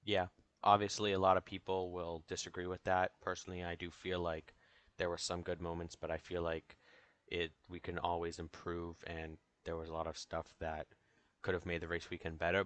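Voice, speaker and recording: A man's voice: low voice, fairly bright tone. A young man hosting a casual online talk show, loose and joking, with plenty of fillers.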